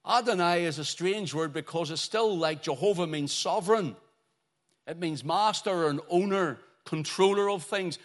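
A fairly high-pitched man delivering a sermon. He swings between ringing exclamations and phrases that fall almost to a murmur. He stretches out the words he wants his listeners to hold on to. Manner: dramatic preaching that swings from loud exclamations to near-murmurs; drawn-out, emphatic delivery on key phrases. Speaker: preacher.

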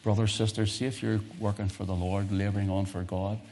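A man preaching a sermon, moving from easy, conversational asides to loud, impassioned peaks and repeating phrases for emphasis. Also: lowish voice, level tone, brisk, a little hiss or hum. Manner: impassioned, swelling to loud fervent peaks then dropping to quiet asides.

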